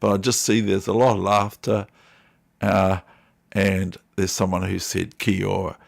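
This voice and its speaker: A man with a New Zealand accent and a heavily gravelly, fry-laden voice sitting a little low in pitch. He streams chess puzzles live, mutters candidate moves to himself and drifts into casual remarks to his chat. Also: level tone, normal speed. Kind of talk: live-stream commentary while solving puzzles.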